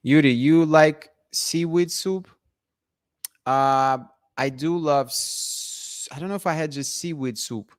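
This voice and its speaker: A man's voice: fairly high pitch, takes it slowly. A man hosting a casual live stream, reading viewer comments in a playful, emphatic way that repeats itself. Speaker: livestream host.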